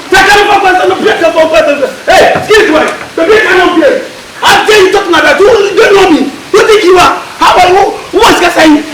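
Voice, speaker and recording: A man plays a loud, boastful young fellow with a Ghanaian accent, his voice very high and swooping wildly as he shouts and begs. The film sound is noisy. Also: fast. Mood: agitated. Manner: shouting, excitable, high-pitched. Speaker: actor in a comedy film. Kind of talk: comic film acting.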